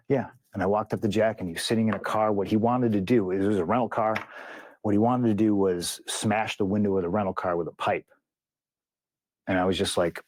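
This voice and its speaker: A man's voice: fairly low pitch, fairly even intonation, fairly quick, darkish tone, no room sound. A man as an interview guest, telling a story bluntly with plenty of swearing and acted-out quotes.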